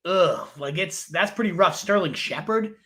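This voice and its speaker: A man's voice: high voice, expressive, normal speed, sharp tone. A man co-hosting a casual fantasy football chat, enthusiastic and thinking aloud with fillers.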